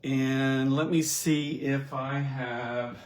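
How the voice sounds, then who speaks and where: A man giving a casual, unhurried card-making demonstration, chatty and self-deprecating as he works. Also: medium pitch, steady tone, slight background noise.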